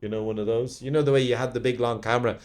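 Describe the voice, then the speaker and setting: A man telling loose, rambling anecdotes in a relaxed podcast chat. His voice is mellow and warm, at a middling pitch, and he drops swear words casually as he goes. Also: racing. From Ireland. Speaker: actor, podcast guest.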